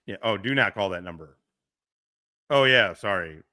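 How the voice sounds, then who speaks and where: A man's voice: fairly low pitch, expressive, moderate pace, bright, forceful tone, no room sound. A middle-aged man hosting a casual livestream, rambling, swearing and laughing often into a close mic. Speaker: livestream host.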